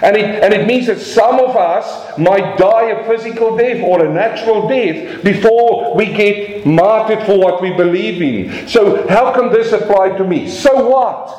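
A man's voice: high-pitched, a little slow, hardly any pauses, darkish tone. A man preaching a sermon, telling stories dramatically and asking the congregation rhetorical questions. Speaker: pastor. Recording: echoey church room.

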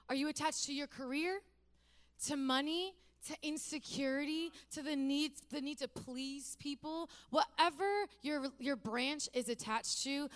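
A woman's voice: high voice, fairly bright tone. A woman pastor giving a conversational, humorous sermon that builds to emphatic repeated phrases.

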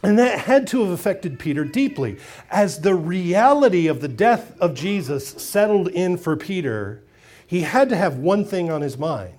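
A man's voice: sits high, moderate pace. A man preaching a sermon as pastor, retelling a story expressively and acting out its voices. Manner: expressive storytelling, acts out quotes.

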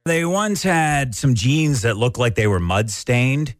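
A man's voice: medium pitch, slow pace, dry recording, studio quality. A man co-hosting a casual radio show, telling jokey stories from home and acting out the voices of people he quotes. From Canada. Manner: jokey storyteller who acts out quoted voices. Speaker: radio co-host. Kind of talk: casual morning radio banter. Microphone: studio microphone.

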